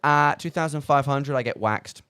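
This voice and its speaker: A man's voice: fairly high pitch, moderate pace, sharp tone, smooth, dry recording. A man hosting a live charity radio stream, rambling and self-mocking with lots of fillers, talking into a studio microphone in a small studio. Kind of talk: casual live radio chat.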